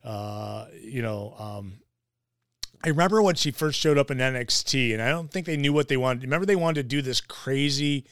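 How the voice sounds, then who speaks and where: A podcast host rambles through a casual wrestling show, full of fillers and restarts. His mid-range voice is fairly bright, clear and resonant, moving at a moderate pace, and the recording is dry with clean studio sound.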